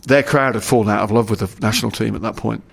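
Speaking quickly with a steady tone, a middle-aged man, once a rugby player, chats as a guest in a casual interview. His low-ish voice is gravelly with a breathy edge, and his rambling talk is packed with restarts and "you know."

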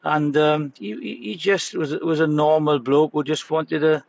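A man speaking as a guest in casual chat, halting and repeating himself with many fillers. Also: on the high side, steady tone, vocal fry. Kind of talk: casual chat over a phone line. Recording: dull lo-fi remote line with faint noise.

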